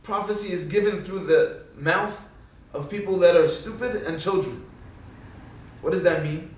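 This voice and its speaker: A male rabbi delivers a Torah lecture in a high-pitched voice at a moderate pace, animatedly telling stories and acting out what people said. The recording has the echo of a hall, with him standing far from the mic.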